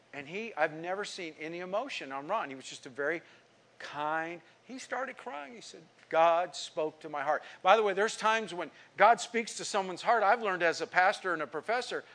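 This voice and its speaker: Man, middle-aged pastor, sermon, storytelling, slightly high voice, emphatic then hushed. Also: slight background noise. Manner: storytelling, acting out quoted speech; emphatic preaching with sudden drops to quiet.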